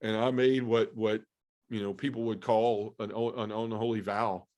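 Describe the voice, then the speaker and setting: A man sharing an emotional personal testimony as a podcast guest, earnest and halting, with many fillers. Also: fairly low pitch, level tone, a little mellow. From Memphis area, US South.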